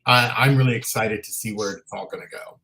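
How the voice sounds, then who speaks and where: A man's voice: on the low side, a little fast, pushed and bright. Chatty man co-hosting a talk show. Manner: chatty, frequent self-restarts. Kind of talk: casual chat. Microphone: livestream setup.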